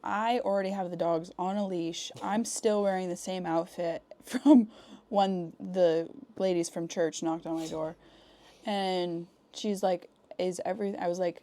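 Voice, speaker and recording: A woman's voice: lowish voice, normal speed. A woman co-hosting a podcast, telling a story in casual chat with lots of "like" fillers. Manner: animated storytelling with many "like" fillers. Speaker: podcast co-host.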